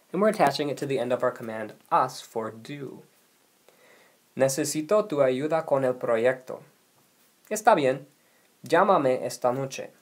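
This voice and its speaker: Man giving a patient language lesson. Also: medium pitch. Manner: patient, explanatory, reads example sentences aloud. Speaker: language teacher. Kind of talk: recorded video lesson narration.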